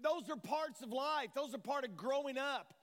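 In a reverberant church sanctuary, a high-voiced Tennessee pastor delivers a fervent sermon at a moderate pace, animated and a touch bright, posing rhetorical questions to his congregation. A long church-hall reverb surrounds his voice.

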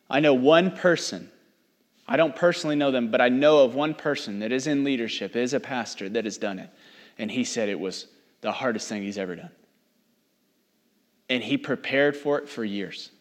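A young man with a medium-pitched voice preaches a sermon, reading scripture and then speaking in an animated, teasing way as he acts out the people he quotes. The recording carries a long hall reverb.

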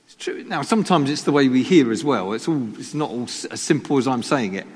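A pastor with a mid-range, husky, slightly mellow voice preaches briskly and expressively in a church hall, the sound echoing around him. He pokes fun at himself and keeps asking the congregation rhetorical questions.

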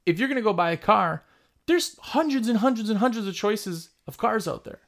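Blunt, rambling man with a fairly high voice. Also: expressive, a little fast, vocal fry, fairly bright tone. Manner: blunt, emphatic, rambling, repeats himself for emphasis. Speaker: window cleaning business owner and video host. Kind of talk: casual vlog talk.

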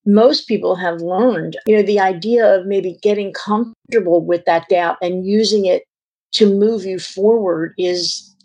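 A woman hosts a podcast interview with a gravelly, husky voice. She speaks thoughtfully, in halting phrases, and her pitch sits in the middle for a woman. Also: warm tone. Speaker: podcast host.

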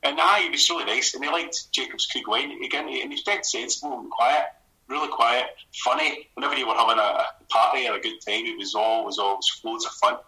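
Fast-talking, bright-voiced Scottish man. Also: medium pitch, low-quality recording. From Scotland. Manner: rapid, animated storytelling with restarts and laughs. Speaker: guest, comedy writer. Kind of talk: casual radio conversation.

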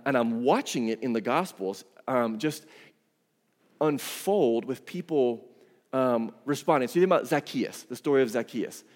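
A man's voice: mid-range voice, darkish tone, long reverb tail. A man preaching a sermon as pastor, conversational and emphatic, with casual asides. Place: church sanctuary.

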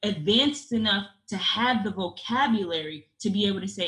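A young woman speaks in loose, earnest conversation, circling back and restarting her sentences as she thinks aloud. Her voice is clear and bright. The recording carries a noticeable roomy echo. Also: mid-range voice, expressive, a little fast, hardly any pauses. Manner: earnest, rambling, many restarts and fillers. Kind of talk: casual conversational chat. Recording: echoey room.

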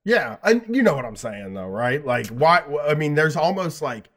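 A man's voice: on the high side, very animated, normal speed, a bit bright. A man co-hosting a casual talk, swearing freely and getting worked up as he reads from an article and riffs on it. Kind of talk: casual profane chat.

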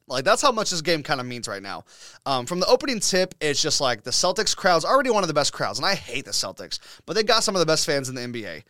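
A man with a fairly high voice rants and reminisces on a casual sports podcast. He is opinionated, excitable and swears freely. The sound is dry and close, with no room around it. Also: fast, no echo. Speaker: podcast host.

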